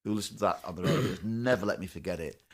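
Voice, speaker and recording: A podcast host, telling a football anecdote in a casual, animated way. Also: male voice, deep voice, very fast. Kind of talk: casual storytelling chat.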